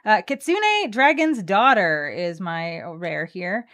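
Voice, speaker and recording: A woman's voice: fairly low pitch, lively intonation, slow, a bit bright. A woman co-hosting a card game stream, chatting playfully and reading card text aloud. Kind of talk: casual chat opening card packs.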